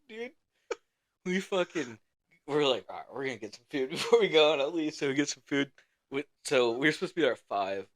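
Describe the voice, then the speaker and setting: A man's voice: fairly high pitch, fairly bright tone. A young man casually telling a rowdy story on a podcast, swearing constantly and laughing as he talks. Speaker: podcast co-host.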